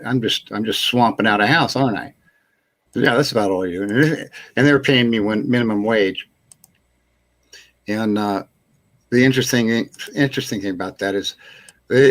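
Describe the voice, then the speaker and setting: A man's voice: lowish voice, normal speed, fairly bright tone. A man hosting a casual live chat show, telling a long rambling anecdote, chuckling and acting out what people said. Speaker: host.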